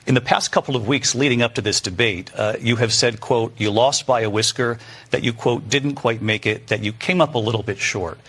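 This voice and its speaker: A man moderating a televised debate, asking questions in a measured, probing way. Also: mid-range voice, fairly bright tone, slightly rough.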